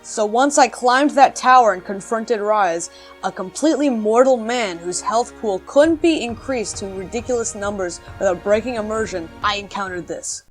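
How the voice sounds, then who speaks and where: Woman YouTuber, sarcastic video essay narration, mid-pitched, faint music bed. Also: moderate pace. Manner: sarcastic, swears casually. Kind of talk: comedic video essay commentary.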